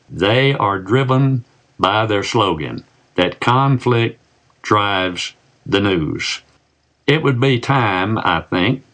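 A man's voice: on the low side, a bit bright. Older man giving a stern, emphatic commentary. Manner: emphatic, rhetorical questions, slow deliberate stresses. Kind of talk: scripted opinion commentary.

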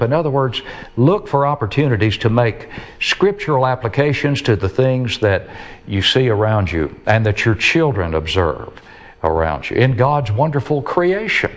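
A man preaching a sermon who stresses key words and lets his phrase ends fall low. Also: big pitch swings, moderate pace.

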